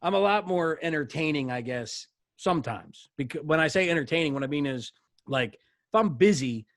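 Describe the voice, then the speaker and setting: A bartender tells rowdy stories, swearing freely, in a fairly high man's voice. The sound is dry and close, with no room around it. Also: normal speed, no room sound. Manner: animated storyteller, swears often. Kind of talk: casual podcast chat. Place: podcast studio.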